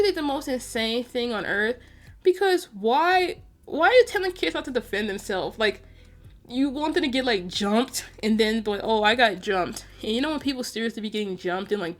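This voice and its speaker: A woman's voice: a little high, expressive, fairly quick. A young woman vlogging in loose, rambling chat. She talks to viewers as if to a friend, piling up filler words and sounding exasperated. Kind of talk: casual chat over gameplay.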